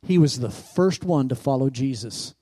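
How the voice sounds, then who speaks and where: A man's voice: mid-range voice, expressive, normal speed, dark tone. A male pastor preaching a sermon, calling out questions to his congregation as he retells scripture. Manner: preaching with rising emphasis and call-outs to the congregation.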